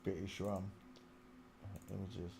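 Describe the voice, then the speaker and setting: A man's voice: low voice, little pitch movement, takes it slowly, creaky, background noise. A man hosting his own channel. He gives casual commentary while browsing photos, muttering to himself and half-singing between remarks into a small desk microphone. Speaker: channel host. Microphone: small desk microphone close in front.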